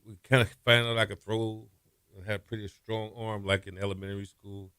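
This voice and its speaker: A man's voice: a little fast, smooth, no echo, studio quality. A middle-aged man, a former quarterback telling stories in a casual interview and acting out what people said. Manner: animated storyteller, acts out quotes with raised pitch, laughs often. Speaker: former college quarterback, guest.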